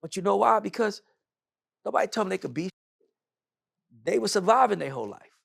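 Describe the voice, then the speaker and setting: A man's voice: high voice, lively intonation, a little fast, creaky, a bit bright, slightly rough, no echo, studio quality. A man, a podcast guest, telling his life story bluntly and emphatically, swearing freely as he talks. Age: adult. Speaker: podcast guest, music manager. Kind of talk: candid conversational storytelling.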